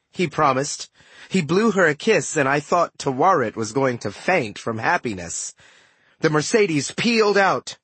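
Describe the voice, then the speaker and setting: Male audiobook narrator, lively and expressive, breathy tone, dry close mic. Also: on the high side, unhurried, no room sound. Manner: animated, expressive storytelling. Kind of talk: first-person audiobook narration.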